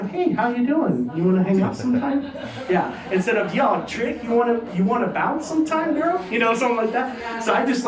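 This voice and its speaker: Rambling stand-up comic in an echoey club. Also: male voice, fairly high pitch. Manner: rambling, loose delivery with many restarts and asides. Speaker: stand-up comedian. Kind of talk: stand-up set at an open-mic comedy night. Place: comedy club stage. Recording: echoey room heard from a distance, with a crowd.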